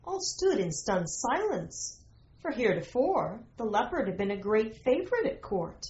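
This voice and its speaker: A woman narrating a storybook in a measured, old-fashioned storytelling manner. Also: fairly high pitch, very animated, darkish tone, highs cut off. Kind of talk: storybook reading.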